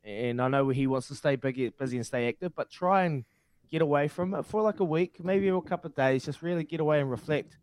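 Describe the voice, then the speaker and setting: A man's voice: a little high, brisk, a little mellow, no room sound. A man co-hosting a casual sports chat, speaking reflectively and repeating himself as he searches for words. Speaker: co-host.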